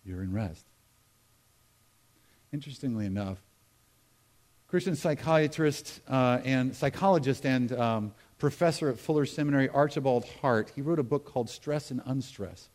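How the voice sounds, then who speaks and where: A man's voice: mid-range voice, moderate pace, a little mellow. American man preaching a conversational sermon. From United States. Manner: conversational, humorous preaching with asides to the congregation. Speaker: pastor. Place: church sanctuary.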